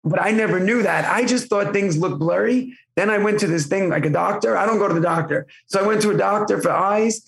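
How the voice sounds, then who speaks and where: Gravelly New York man, high voice. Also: fairly bright tone, roomy sound. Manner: fast, rambling storyteller. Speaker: guest. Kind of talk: casual chat.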